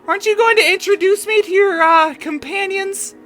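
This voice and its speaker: A gaming streamer voicing a frantic, cheerful schoolgirl club leader in a high, shrill falsetto while reading a visual novel aloud. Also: normal speed, fairly bright tone, soft background music. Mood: puzzled. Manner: shrill and theatrical.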